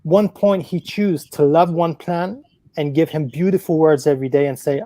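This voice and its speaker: Woman cohost on a live stream, chatty, lots of likes and you knows, mellow tone, dry sound. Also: sits low, moderate pace, dry recording, low-quality recording. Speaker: co-host. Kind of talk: casual live-stream chat.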